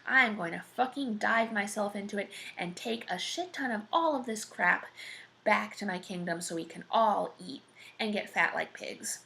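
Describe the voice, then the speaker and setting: A woman voicing a crude, foul-mouthed young male peasant hero in a spoken story parody, blunt and swearing constantly. Her voice has a gravelly fry. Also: medium pitch, normal speed, sharp tone. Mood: brash.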